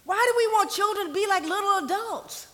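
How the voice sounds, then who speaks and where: A woman pastor, preaching a sermon in a conversational style that sometimes drops to a soft near-whisper for emphasis. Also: very high-pitched, brisk, long reverb tail. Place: church sanctuary.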